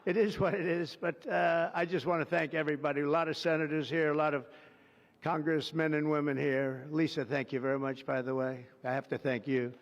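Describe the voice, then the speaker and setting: A man's voice: a little high, fairly even intonation, fairly quick. A man giving an off-the-cuff ceremonial speech as president, rambling through ad-libbed asides full of superlatives at a podium microphone. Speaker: president addressing a signing ceremony. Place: outdoor ceremony through a public address system. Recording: dull lo-fi broadcast feed with long reverb.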